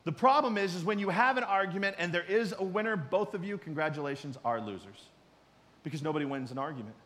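A middle-aged man preaching a sermon in a conversational way, swinging from loud emphasis to quiet asides. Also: sits high, expressive, a little fast, in a large hall. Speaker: pastor.

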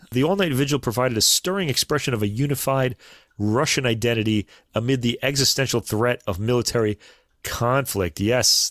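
A man co-hosting a casual podcast, chatting about classical recordings in a relaxed way with fillers and asides. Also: fairly low pitch, no room sound, studio quality. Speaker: podcast co-host.

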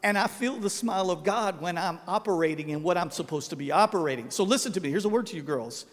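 A man preaches in a light, high voice. He jokes in a folksy way and drops to a hush to make a point. A long church-hall reverb trails his words. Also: expressive, fast. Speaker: pastor. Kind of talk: sermon. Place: church sanctuary.

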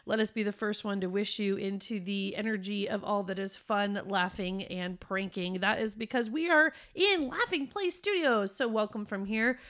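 A woman's voice: mid-range voice, normal speed, hardly any pauses, a bit bright. A young woman co-hosting a family podcast, giggly and playful in casual chat. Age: young adult. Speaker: podcast co-host.

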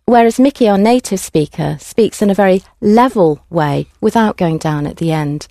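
Patient woman language teacher, mellow voice. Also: mid-range voice, expressive, normal speed, no echo, studio quality. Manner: clear, patient prompting of students. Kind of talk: classroom instruction.

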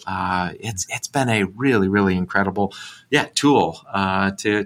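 A man with a fairly low, bright and forceful voice talks through his ideas as a podcast guest. He speaks thoughtfully, pausing on ums and uhs as he builds each point. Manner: thoughtful, with frequent um and uh fillers. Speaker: guest author. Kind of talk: podcast interview, conversational explanation.

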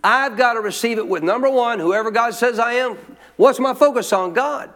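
High-voiced preacher in reverberant hall. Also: male voice, normal speed, a bit bright. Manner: emphatic call-and-response preaching. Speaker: pastor. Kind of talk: sermon. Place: church sanctuary.

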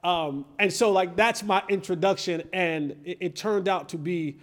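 A man hosting a podcast, telling a story in a lively, casual way and acting out quoted lines in different voices. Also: high voice, measured pace. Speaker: podcast host and former player. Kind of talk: animated storytelling in casual chat.

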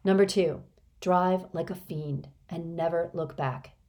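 A woman's voice: on the low side, unhurried, warm tone. A woman reading an audiobook, voicing a loving father who speaks tenderly yet firmly.

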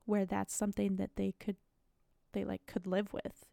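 A woman's voice: medium pitch, completely flat delivery, normal speed, vocal fry, mellow, dry recording, clean studio sound. A young woman co-hosting a podcast, chatting casually and rambling with lots of fillers. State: has the hiccups. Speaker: podcast co-host. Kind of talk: casual chat.

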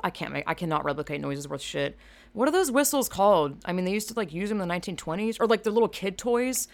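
A woman from Georgia rambles through her solo podcast, swearing freely and poking fun at herself. Her voice sits low with a gravelly fry. She gets animated and loud as she talks. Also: fast. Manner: rambling, profane, self-mocking. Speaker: podcast host. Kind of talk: casual solo podcast monologue.

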